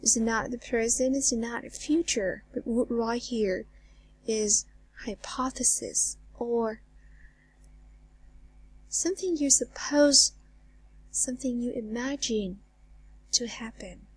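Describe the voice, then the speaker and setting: A woman teaching an English lesson, asking learners questions and repeating words slowly, with phrase ends trailing to a near whisper. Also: fairly high pitch, a little mellow, slightly rough. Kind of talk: recorded online lesson.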